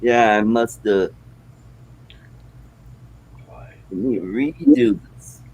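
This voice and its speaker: A man on a video call panel speaks slowly and in a low-key way. His pitch is ordinary and his delivery is unhurried. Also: darkish tone, breathy edge, rough recording. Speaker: panel guest. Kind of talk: casual chat.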